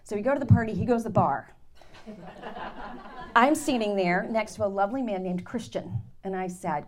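A woman Bible teacher giving an animated, dramatic testimony to her class, with laughs. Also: mid-range voice, moderate pace. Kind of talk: sermon storytelling.

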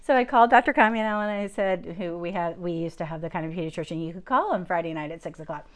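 A middle-aged woman with a lowish voice gives a testimony as a guest speaker, talking fast into a handheld mic. She tells her story lively and laughing, acts out the voices of the people in it, and then leads a prayer.

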